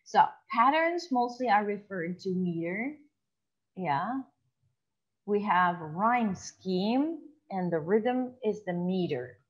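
A woman teacher leads an online class lecture at a middle pitch, explaining step by step. She often checks in with a quick tag question and slows down to read examples aloud. The audio is dull and lo-fi. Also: expressive.

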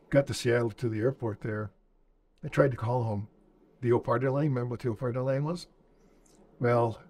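A man in his seventies speaks at a mid-range pitch with a somewhat dark tone. He's a veteran being interviewed, telling war stories plainly and acting out old exchanges of dialogue.

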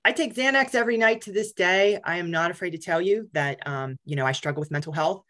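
Candid, low-voiced woman speaker. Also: quick pace, a bit bright. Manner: candid, self-deprecating, many ums and fillers. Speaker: guest speaker. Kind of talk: casual talk to a support group.

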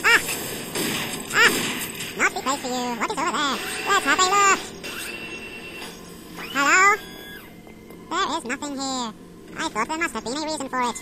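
Squeaky chipmunk gamer. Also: male voice, animated, normal speed, long pauses, over music, rough recording. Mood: excitable. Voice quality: squeaky, chipper. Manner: chatty, talks to enemies and himself. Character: hyper cartoon male chipmunk gamer. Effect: chipmunk pitch-up. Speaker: let's play commentator. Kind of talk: game commentary in character.

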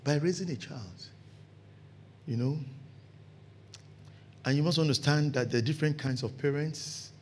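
A man's voice: a little high, normal speed, long pauses, slight background noise. A man with a Nigerian accent preaching a sermon, acting out scenes and laughing along the way. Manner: animated, acts out scenes with laughter. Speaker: pastor. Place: church.

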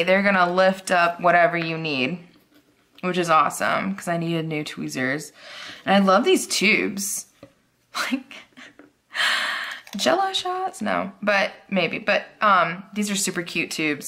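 A woman chatting through an unboxing haul, gushing and excitable, sometimes dropping to a whisper. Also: lowish voice. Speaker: planner vlogger. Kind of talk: casual unboxing chat.

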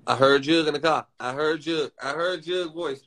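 A young man streaming casual chat, excitable and teasing, laughing often and using crude slang. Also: a little high, normal speed.

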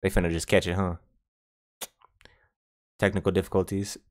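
A man hosting a reaction video, talking casually and excitedly with frequent laughs and slangy asides. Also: low-pitched, moderate pace, slight background noise.

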